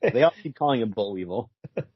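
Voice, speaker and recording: A man's voice: medium pitch, animated, fast, slightly rough, no room sound. Chuckling man on a dry lo-fi mic. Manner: chuckly, laughs often while reading out panels. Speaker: podcast co-host. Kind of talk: casual chat reviewing a comic.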